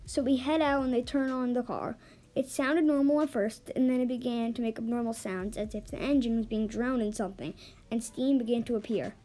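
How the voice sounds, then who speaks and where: A woman's voice: fairly high pitch, brisk, dark tone. A woman reading an online forum story aloud, with small stumbles and restarts along the way. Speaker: story reader. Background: faint background music.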